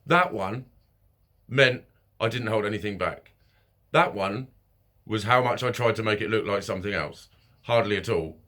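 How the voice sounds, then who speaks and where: A man's voice: fairly low pitch, lively intonation, pushed and bright. A man talking frankly in a personal video diary, swearing often, stopping and correcting himself, with nervous laughs between thoughts. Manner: frank and heavy on swearing, halting with fillers and self-corrections. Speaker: mental health vlogger.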